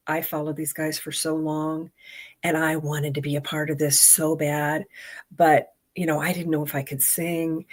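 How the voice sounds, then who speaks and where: A middle-aged woman hosting a podcast, telling a story in a chatty, animated way and quoting the people in it. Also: deep voice. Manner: chatty, animated retelling with laughs and quoted voices. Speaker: podcast host. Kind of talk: casual storytelling monologue.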